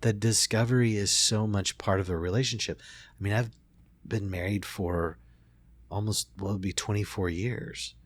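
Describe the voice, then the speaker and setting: A middle-aged man, a therapist, telling a family story in a relaxed conversation, reflective and full of restarts. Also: on the low side, moderate pace, dry recording. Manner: reflective, many restarts and fillers. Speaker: therapist and podcast host.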